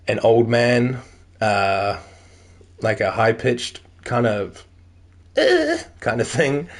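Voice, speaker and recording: A man streaming a video game, chatting casually and reading in-game notes aloud, rambling with plenty of "like" and "um" fillers. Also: fairly low pitch. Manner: rambling, heavy use of "like" and "um".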